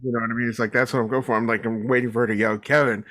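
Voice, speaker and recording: A man's voice: medium pitch, flat delivery, racing, heavy background noise. A man co-hosting a podcast in casual chat, laughing often and talking loosely. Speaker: podcast co-host. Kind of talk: casual chat about a TV comedy.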